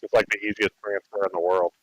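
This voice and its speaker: A man's voice: on the low side, little pitch movement, fast, a bit bright, rough recording. A man playing in a tabletop game, cracking sarcastic jokes while chatting with friends. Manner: joking, sarcastic. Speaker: player. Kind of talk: casual chat at a tabletop game.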